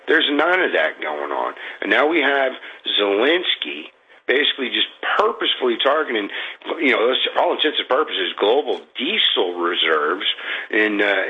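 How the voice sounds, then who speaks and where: A man calling in to a radio show, venting in a rambling, frustrated way, halting often with fillers. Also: medium pitch, big pitch swings, breathy edge, lo-fi sound. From Florida. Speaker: radio caller. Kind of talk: call-in venting.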